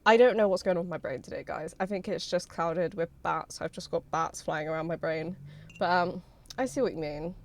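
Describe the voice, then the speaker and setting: Excitable young woman streamer. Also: fairly low pitch, a little fast. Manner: excitable, bubbly, swears freely. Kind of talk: casual livestream chat with viewers.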